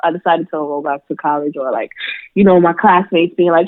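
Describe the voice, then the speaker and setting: A young woman talks casually as an interview guest, full of fillers and "like". She jumps into bright quoted voices as she tells her stories. The sound is dry and tinny, like a phone line. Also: lowish voice, fairly quick, no room sound. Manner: chatty, many fillers, lively quoted voices. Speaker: makeup artist guest.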